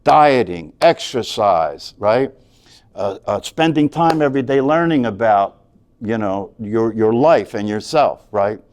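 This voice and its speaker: A man's voice: fairly low pitch, animated, measured pace, darkish tone. Earnest man teaching a meditation class. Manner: earnest, repetitive, asks "right?" often. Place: class room.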